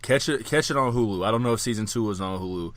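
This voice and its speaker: A man co-hosting a casual podcast, telling stories with loud laughs and plenty of swearing. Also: lowish voice, fast, dry recording. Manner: animated storyteller, laughs loudly, swears freely. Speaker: podcast co-host. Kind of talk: casual chat.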